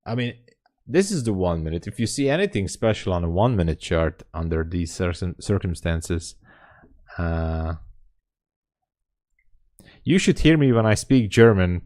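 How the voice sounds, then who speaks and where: A man's voice: low voice, big pitch swings, a little slow, long pauses, a little mellow. A man with a Hungarian accent, chatting casually on a live trading stream and laughing often as he answers viewer comments. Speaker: day trading livestreamer. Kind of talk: casual livestream chat. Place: home.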